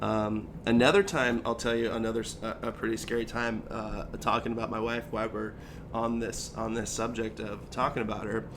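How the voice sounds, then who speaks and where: A man's voice: on the low side, a little fast, background noise. A man in his thirties, a podcast co-host, telling a personal story in casual chat and acting out the lines he quotes. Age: 30s. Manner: animated, acts out quoted lines, says "dude" and "like" a lot.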